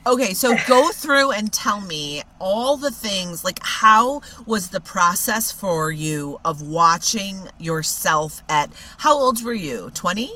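Lively bright woman co-host. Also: medium pitch, slow pace, few pauses, slight background noise. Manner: animated, eager interjections. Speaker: podcast co-host. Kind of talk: casual chat.

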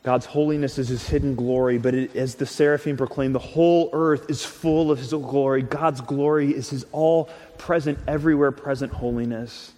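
A man's voice: mid-range voice, fairly even intonation, normal speed, few pauses, a little mellow. A man preaching a sermon in an earnest, conversational way, often restarting and repeating words. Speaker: pastor. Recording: long hall reverb.

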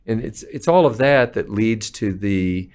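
A man's voice: on the low side, expressive, unhurried, darkish tone. A male palliative care physician, a podcast guest, speaking earnestly and acting out patients' words as he tells stories. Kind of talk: conversational interview.

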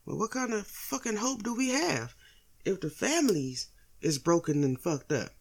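Profane, rambling man with higher pitch. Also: very animated, normal speed, vocal fry. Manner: rambling, heavy profanity, rhetorical questions. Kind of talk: profane monologue commentary.

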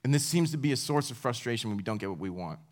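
A man's voice: medium pitch, animated, very fast, a little mellow. A young man in his twenties giving a casual, self-deprecating sermon to college students, laughing now and then at his own stories. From United States. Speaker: campus speaker.

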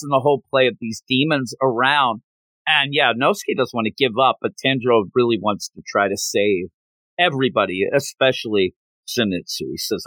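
Podcast co-host, male, animated recapper who acts out scenes; bright timbre, dry. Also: mid-range voice, brisk, no echo. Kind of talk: casual manga discussion.

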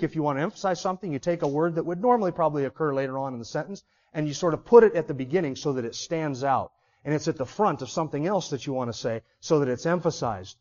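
High-voiced man preaching a sermon. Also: a little mellow, muffled recording. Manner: rhetorical questions, emphatic teaching. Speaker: pastor. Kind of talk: expository sermon.

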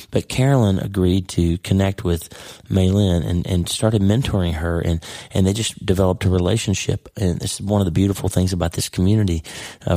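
A middle-aged man hosts his podcast with a hoarse, worn-out voice that crackles with gravel. He talks earnestly and rambles, often restarting his sentences. His tone is low and dark, and the recording is dry and close. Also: no echo. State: hoarse, lost voice. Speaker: podcast host. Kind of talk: casual podcast monologue.

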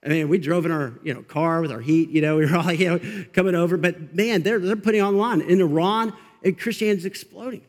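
A male pastor giving an energetic, conversational sermon in church, getting fired up and laughing as he talks. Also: high voice, fast talker. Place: church sanctuary. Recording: long reverb of a large hall.

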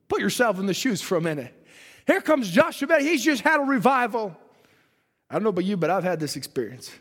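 High-voiced animated preacher in reverberant hall. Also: male voice, moderate pace, long pauses. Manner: animated, acts out biblical characters, swings from shouting to hushed. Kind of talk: sermon storytelling.

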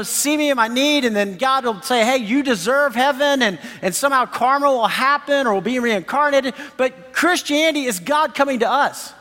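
A man in his thirties preaching a sermon as pastor, animated and enthusiastic, laughing often. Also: extremely high pitch. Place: church sanctuary. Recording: long hall reverb.

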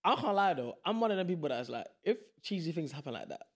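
A man's voice: on the high side, sing-song, fast. A young man with a South East London accent, a podcast guest chatting casually, emphatic and full of banter. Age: young adult. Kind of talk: casual chat.

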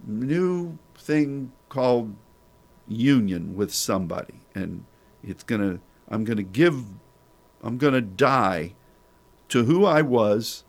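A man preaching a sermon, pressing listeners with repeated rhetorical questions and restarting his words. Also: mid-range voice.

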